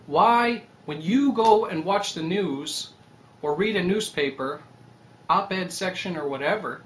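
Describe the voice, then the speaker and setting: Animated young man rambling casually. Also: high-pitched. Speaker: website creator. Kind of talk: casual vlog monologue.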